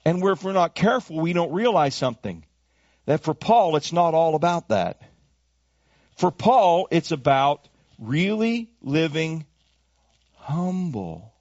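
Man, pastor, sermon, emphatic rises and hushed drops, dry muffled sound. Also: very animated, unhurried, long pauses, no echo. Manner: swinging from high emphatic calls to low hushed asides.

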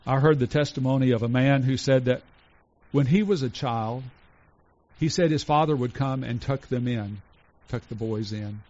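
Male pastor mid-sermon, earnest, with deliberate emphasis and a mid-range voice; dull, lo-fi recording. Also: medium pitch. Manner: earnest, slows to stress lists, drops soft for tender points.

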